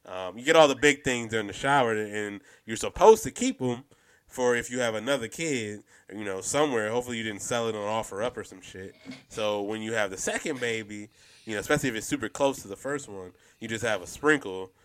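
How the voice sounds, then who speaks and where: A man's voice: fairly low pitch, fairly quick, clean tone. A man in casual podcast chat, rambling and laid-back, full of slang and fillers.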